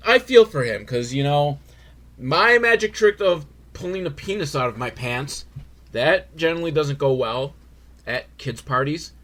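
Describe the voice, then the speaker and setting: Guy doing a crude rambly comedy movie recap, sarcastic, mid-pitched voice. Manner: crude, rambling, sardonic humor with frequent swearing.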